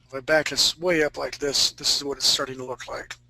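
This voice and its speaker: A man's voice: medium pitch, flat delivery, brisk, creaky, pushed and bright, no room sound, low-quality recording. A man teaching a live fantasy-art drawing class, talking casually and joking with his students. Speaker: art instructor.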